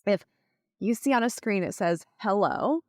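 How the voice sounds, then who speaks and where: A woman hosting a podcast in a chatty, casual way, full of fillers and quick tone demos. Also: mid-range voice, darkish tone, no echo, clean studio sound. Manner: chatty, with many fillers, acts out tones of voice. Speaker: podcast host. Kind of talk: casual solo podcast talk.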